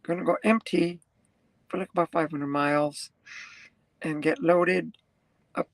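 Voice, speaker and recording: Slow, gravelly truck driver chatting to viewers. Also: medium pitch, fairly even intonation, no room sound, poor audio. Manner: rambling, chats with viewers and reads comments; laughs often. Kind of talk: casual live-stream chat.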